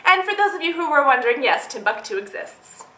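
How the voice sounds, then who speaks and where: A woman's voice: sits high, big pitch swings, fairly quick, sharp tone. A young woman vlogging casually to camera, telling a story in a bubbly, chatty way full of "like". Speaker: beauty vlogger. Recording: echoey room.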